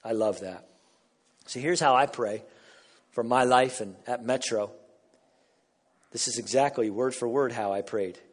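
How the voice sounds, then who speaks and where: Emphatic pastor preaching in a reverberant hall. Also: male voice, medium pitch, a little slow, pauses often, husky. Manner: swings from quiet asides to loud emphatic bursts. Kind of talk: sermon. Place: church sanctuary.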